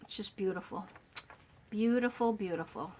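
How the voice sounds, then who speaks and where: A woman gushes softly over a handmade journal in a home craft space, filmed by a camera on a stand. Her voice is a little worn, and her talk is full of fillers and restarts. A faint hum of room noise sits behind her. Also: medium pitch, moderate pace. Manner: gushing, admiring, with fillers and restarts. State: slightly losing her voice. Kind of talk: casual show-and-tell walkthrough.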